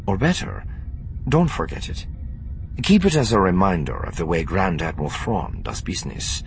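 Brisk officer, decisive, deep voice, animated pitch, man reading. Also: faint music behind, heavily acted. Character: brisk, self-assured male military officer. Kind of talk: audiobook narration.

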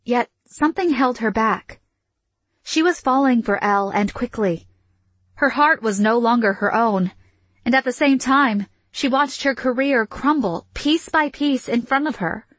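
Female audiobook narrator, measured and even, slightly high, dry booth sound. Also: dry recording. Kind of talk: scripted fiction narration.

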